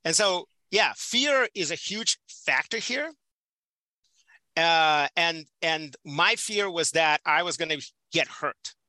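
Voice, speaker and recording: A man's voice: fairly high pitch, lively intonation, takes it slowly, bright, forceful tone, no echo, poor audio. A man from the Soviet Union talking passionately as a podcast guest, repeating words for emphasis. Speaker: podcast guest, prison volunteer teacher. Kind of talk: casual conversational interview.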